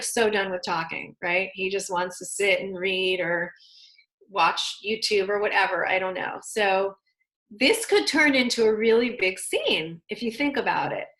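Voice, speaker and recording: A woman leading a relationship class, talking in an easy, conversational way at a middle pitch. She now and then acts out what spouses say to each other. Her voice carries a roomy echo. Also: a bit bright. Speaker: relationship teacher. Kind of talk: online class lecture.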